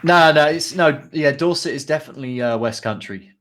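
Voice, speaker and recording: A man's voice: a little high, a little fast, fairly bright tone, a little hiss or hum. A man co-hosting a casual podcast, reading out band descriptions with frequent ums and asides. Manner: reads out band blurbs with many ums and asides. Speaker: podcast co-host.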